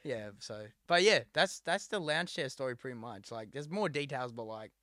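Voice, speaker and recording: A man's voice: medium pitch, expressive, normal speed, sharp tone, dry recording, studio quality. A young man co-hosting a casual chat, telling a story in a rambling way, full of fillers and quoted lines. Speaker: podcast co-host.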